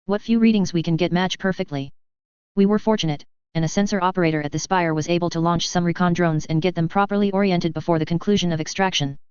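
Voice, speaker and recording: A woman voicing a calm, formal male military captain, low and smooth in a slightly dull recording. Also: fast talker, no room sound, natural voice. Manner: formal, matter-of-fact.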